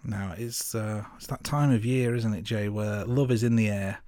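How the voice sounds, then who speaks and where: Low dry-voiced Midlands man. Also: fairly even intonation, normal speed, warm tone, no echo. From English Midlands. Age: young adult. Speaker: podcast co-host. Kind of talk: casual chat.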